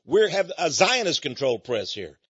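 An older man with a Texan accent, hosting a folksy, emphatic monologue that rises to loud peaks. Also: fairly high pitch, very animated, normal speed, husky, no room sound. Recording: dull lo-fi recording.

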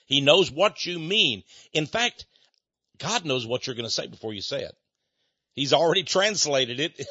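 Older guy preaching folksy and chatty, bright voice, dull dry sound. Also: fairly high pitch, husky, no room sound. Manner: chatty, laughs often, acts out quoted voices.

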